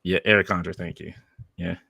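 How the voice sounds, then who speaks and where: Joking podcast host, lowish voice. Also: male voice, moderate pace, creaky, slightly rough, no room sound. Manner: animated, joking, reads chat comments aloud. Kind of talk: casual chat.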